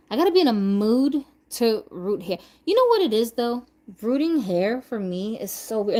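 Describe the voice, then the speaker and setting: A woman talking loosely through a long livestream, easygoing and full of slang. She drifts from thought to thought and breaks into laughter often. The talk stays unscripted and relaxed, like hanging out. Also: mid-range voice. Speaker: doll customizer streaming live. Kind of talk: casual livestream chat.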